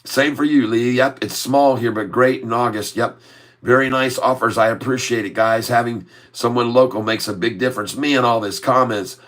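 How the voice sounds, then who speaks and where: A middle-aged American man hosting a casual stock-trading livestream, reading viewer comments aloud and answering them in a relaxed, chatty way. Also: mid-range voice, moderate pace. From USA. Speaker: livestream host reading chat.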